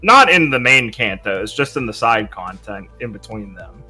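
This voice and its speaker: Bright, profane, tired-sounding co-streamer man. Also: on the low side, sing-song, moderate pace, breathy edge, faint music behind. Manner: profane, frank, joking. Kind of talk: casual chat while watching a stream.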